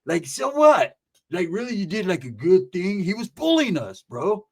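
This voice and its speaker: A man's voice: high voice, wildly swooping pitch, moderate pace, gravelly, darkish tone, husky, full character voice. A man voicing a cocky teenage boy who drawls and calls everyone bro, acted out inside a story.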